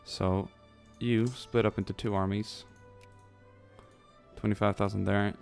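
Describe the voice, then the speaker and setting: Guy with a lowish voice chatting over his strategy game, rambly and jokey, some faint music behind. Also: level tone, unhurried, vocal fry. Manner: rambling, thinks aloud, jokey asides. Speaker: let's play commentator. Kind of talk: casual gameplay commentary.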